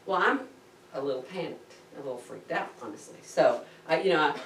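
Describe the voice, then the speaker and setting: Woman, low voice, chatty vlog storyteller who acts out her reactions; recorded at a distance in an echoey room. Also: fairly quick, slight background noise. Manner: animated, acts out her own gasps and panic. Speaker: diving vlogger recounting her scuba course. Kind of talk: casual storytelling to camera. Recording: roomy echo, speaker set back from the mic.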